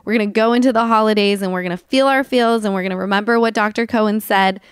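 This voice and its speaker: A woman's voice: mid-range voice, steady tone, fast talker, clear, resonant tone, no echo, studio quality. A woman hosting a podcast in casual, candid chat, open and emotional, laughing often. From Los Angeles. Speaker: podcast host.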